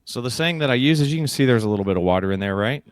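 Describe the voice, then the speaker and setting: A man's voice: medium pitch, lively intonation, rapid-fire, clean tone, dry recording. A middle-aged man who is a guest on a podcast interview. He tells stories with energy and acts out the voices he quotes. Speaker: guest, keynote speaker and leadership coach.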